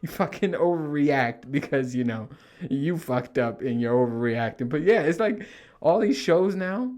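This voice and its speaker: Middle-aged male host, casual rambling monologue, swears a lot, jumps into high panicked quotes. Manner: animated, swears freely, acts out panicked quotes in a higher voice. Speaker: podcast host.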